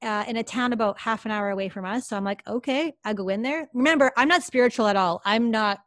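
A woman's voice: on the high side, fast talker, no room sound, clean studio sound. Chatty woman telling her story. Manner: lively, chatty, many fillers like "like". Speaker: psychic medium guest. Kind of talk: storytelling in a podcast interview.

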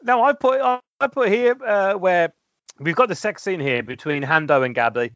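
A man's voice: a little high, brisk, a bit bright, no echo. Rambling man, dull dry recording. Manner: rambling, repeats words and restarts often. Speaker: podcast co-host. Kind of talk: casual film discussion.

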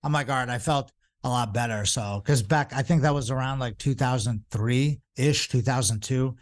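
A man's voice: mid-range voice, moderate pace. A man in his forties, a jiu-jitsu instructor, telling stories in a casual, rambling way, with lots of fillers and restarts. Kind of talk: casual storytelling.

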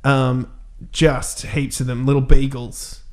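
A man's voice: medium pitch, flat delivery, slow pace. A man, casually telling a funny story and laughing along. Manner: laid-back, laughing anecdote-teller. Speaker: guest.

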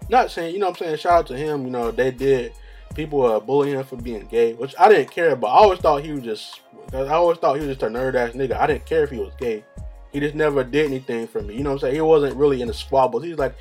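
A man's voice: mid-range voice, quick pace, darkish tone, husky, faint music behind. A young man, rambling in casual slang-heavy chat as a solo vlogger, laughing at his own stories.

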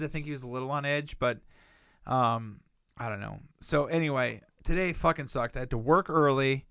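A man's voice: medium pitch, a bit bright, clear, resonant tone, no room sound, studio quality. A man co-hosting a casual podcast, telling rambling, profane stories and acting out what people said. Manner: rambling profane storyteller who acts out quotes. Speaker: podcast co-host.

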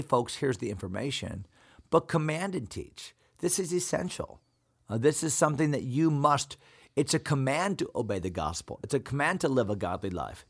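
A man's voice: medium pitch, a bit bright. A man who is a pastor, teaching from the Bible in an earnest, preaching cadence with repeated phrases.

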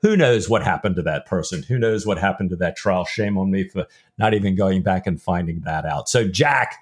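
A man's voice: low voice, moderate pace, breathy edge. A middle-aged man hosting a podcast, chatting loosely about a novel and reading passages aloud with feeling. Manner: rambling, reads book passages aloud with feeling. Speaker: podcast co-host. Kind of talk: casual book-discussion chat.

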